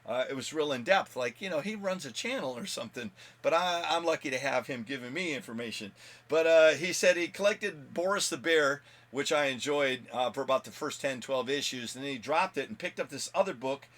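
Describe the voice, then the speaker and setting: An American man hosting his own comic book video blog talks casually at a slightly fast clip. His medium-pitched voice is animated and fairly bright, and he rambles chattily with lots of fillers and laughs.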